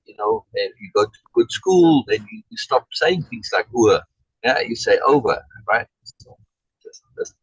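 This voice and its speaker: A man's voice: mid-range voice, slightly rough, dry recording, highs cut off. Man teaching over a video call. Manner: explains with many restarts and "right?" checks, reads chat comments aloud. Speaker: Shakespeare reading group leader. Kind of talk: casual online teaching chat.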